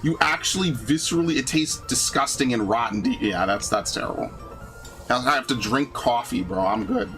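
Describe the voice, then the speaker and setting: A young man hosts a gaming channel, chatting casually over gameplay and ranting animatedly with plenty of swearing and frequent "bro" and "dude." His voice is mid-range and his pace moderate, with soft music playing in the background.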